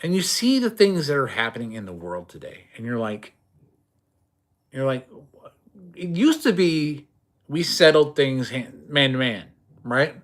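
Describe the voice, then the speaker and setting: A man's voice: medium pitch, sing-song, a little slow, pauses often. A middle-aged man chatting on a livestream, talking tough and blunt, swearing freely and rambling with stammered restarts. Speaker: livestream host. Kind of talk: casual livestream chat.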